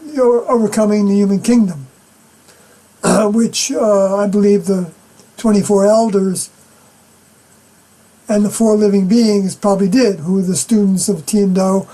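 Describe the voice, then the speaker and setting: A middle-aged woman giving an unscripted scripture commentary as a personal testimony, halting and often clearing her throat. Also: mid-range voice, mellow, poor audio.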